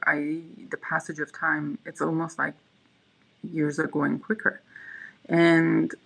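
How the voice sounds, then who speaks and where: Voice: mid-range voice, gravelly, bright, forceful tone, low-quality recording. A livestream host in casual chat, rambling and reading viewers' messages aloud. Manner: frequent fillers and restarts.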